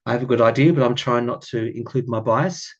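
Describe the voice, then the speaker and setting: A man with an Australian accent giving a casual tarot reading, musing aloud and often repeating his phrases with ums and soft laughs. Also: mid-range voice, fairly quick, highs cut off. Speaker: tarot reader.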